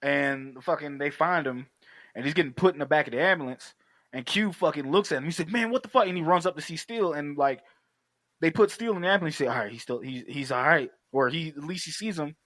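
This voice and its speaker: A man's voice: a little high, fairly quick, a bit bright, no room sound. A man co-hosting a podcast, recapping a film in casual, profane chat and acting out the scenes in voices. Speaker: podcast co-host.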